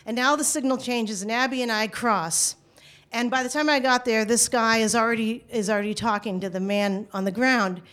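A woman telling a personal story out loud, conversational and halting, with frequent restarts. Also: a little high, fairly even intonation. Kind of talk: first-person spoken storytelling.

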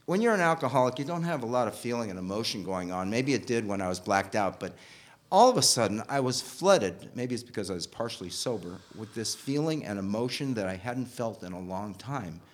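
Animated man telling a personal story. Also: lowish voice, brisk. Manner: animated, swinging from loud bursts to hushed asides.

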